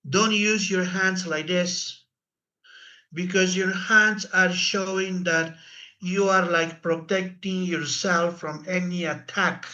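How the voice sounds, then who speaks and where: Bright-voiced man teaching English slowly. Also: high-pitched, fairly even intonation, dull audio. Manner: explains with repeated fillers and restarts, demonstrating gestures. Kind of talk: online course lesson.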